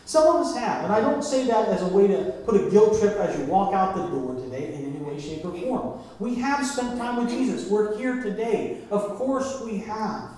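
A man's voice: high voice, animated, moderate pace, hardly any pauses, darkish tone. A man in his fifties preaching a sermon as pastor, conversational, with asides and questions to the congregation. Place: church sanctuary. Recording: very echoey church room.

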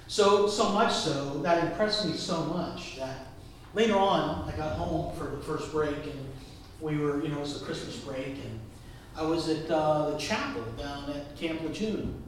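Pastor with a booming hall echo. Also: male voice, measured pace, slight background noise. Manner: conversational, asks the congregation questions. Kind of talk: storytelling sermon. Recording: very echoey hall from far off.

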